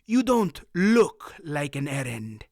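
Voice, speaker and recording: A man's voice: fairly high pitch, sing-song, slow, creaky, darkish tone, no room sound, clean studio sound, exaggerated voice. A man reading an audiobook, voicing a burly, scarred foreign warrior with a harsh, thickly accented voice who questions coldly. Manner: cold and probing.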